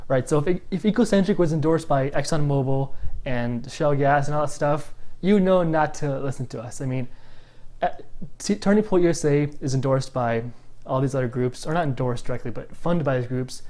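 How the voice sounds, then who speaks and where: A host of an environmental channel giving an opinionated political vlog. They speak bluntly and with feeling, breaking off into quick asides. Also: medium pitch, warm tone.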